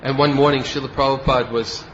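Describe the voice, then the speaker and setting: A man's voice: medium pitch, little pitch movement, fast talker, fairly bright tone, highs cut off, slight background noise. A man giving a devotional lecture as a spiritual teacher, telling stories and acting out the quoted speech of the people in them. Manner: storytelling, acts out quoted speech.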